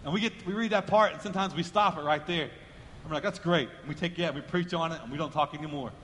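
High bright-voiced man preaching in a hall. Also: fast talker, slight background noise. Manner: emphatic, repeats key phrases, drives lines upward in volume. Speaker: pastor. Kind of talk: sermon.

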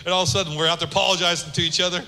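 A middle-aged man preaching a sermon as pastor, animated, swinging between loud emphasis and soft, low asides. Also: very fast. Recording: echoey hall with long reverb.

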